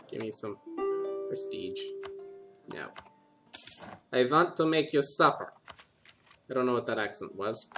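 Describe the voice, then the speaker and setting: Man chatting playfully over a game. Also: mid-range voice. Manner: playful, rambling self-talk, often laughing to himself. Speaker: gaming video host. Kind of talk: strategy game commentary.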